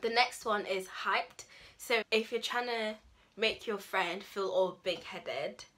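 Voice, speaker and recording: A woman's voice: mid-range voice, takes it slowly, sharp tone. A young woman, chatting casually to the camera as she explains slang, using lots of fillers. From United Kingdom. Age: young adult. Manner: chatty, filler-heavy, acts out example phrases. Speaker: language vlogger.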